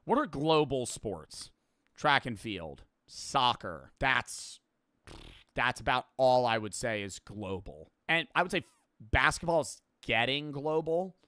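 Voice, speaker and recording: A man's voice: medium pitch, sing-song, slow pace, sharp tone, dry recording, studio quality. A man casually reacting to a video as a streamer, rambling and swearing offhandedly.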